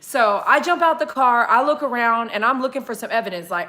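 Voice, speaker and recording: A high-voiced woman tells a story on a casual livestream. She laughs a lot and jumps her voice up to act out the dialogue. Her tone is bright and forceful. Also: fast talker, hardly any pauses. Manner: animated, laughing, acts out dialogue with big pitch jumps. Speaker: pet groomer telling a story to viewers.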